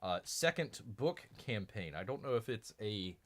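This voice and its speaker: Man, live-stream comic chat, talks about himself as Bear, very swooping pitch, rambling, lots of ums, calls viewers people. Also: sing-song, measured pace. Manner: rambling, with many fillers and restarts; keeps addressing viewers as "people".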